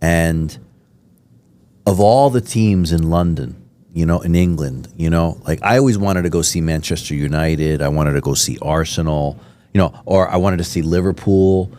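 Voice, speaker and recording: A man's voice: low-pitched, normal speed, warm tone, slight background noise. A man from Miami hosting a podcast interview, telling rambling, enthusiastic stories with many fillers. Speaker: podcast host. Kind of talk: casual interview chat.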